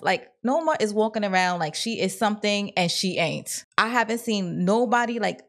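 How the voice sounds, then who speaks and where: A woman's voice: mid-range voice, expressive, normal speed, few pauses. A woman giving a casual, opinionated recap of a TV episode, talking in slang and acting out the characters' lines. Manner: opinionated and blunt. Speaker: TV recap vlogger.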